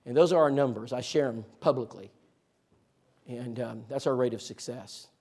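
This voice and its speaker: A man training a church group in outreach, telling stories in a lively, joking way and speaking to listeners directly. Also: medium pitch, normal speed. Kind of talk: animated storytelling talk to a church group.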